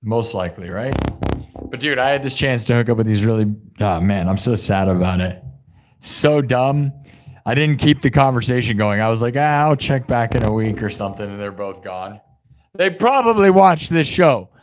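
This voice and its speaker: A man's voice: medium pitch, expressive, moderate pace, a little hiss or hum. Rambling, laid-back young man streamer. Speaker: live-stream musician host. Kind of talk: casual rambling chat.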